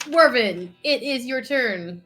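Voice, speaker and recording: A woman narrating as game master of a live tabletop game, chatty and quick to correct herself. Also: on the high side, expressive, pushed and bright, faint music behind. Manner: chatty, self-correcting, laughs often.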